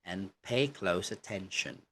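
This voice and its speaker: A man with a very low, deep voice gives an English lesson at an unhurried pace. He is encouraging and chatty and peppers his talk with "okay" and "you know". A faint hum sits behind him. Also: pushed and bright. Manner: encouraging, coaching tone. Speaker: English teacher. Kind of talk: online lesson.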